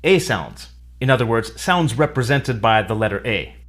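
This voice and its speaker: A man giving a scripted English lesson, explaining clearly with dry humor. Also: mid-range voice, expressive, moderate pace, fairly bright tone. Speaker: English teacher. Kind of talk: scripted educational narration.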